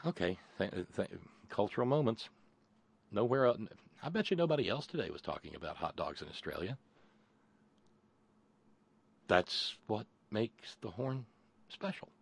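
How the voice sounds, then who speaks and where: A man's voice: low voice, no echo. A man hosting a call-in talk radio show, rambling and sardonic, with stammering restarts.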